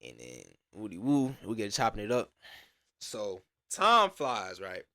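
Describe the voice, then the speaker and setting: A young storyteller vlogger from Atlanta tells a casual, slangy story, animatedly acting out lots of quotes. His voice is on the low side and unhurried, recorded dry in studio quality.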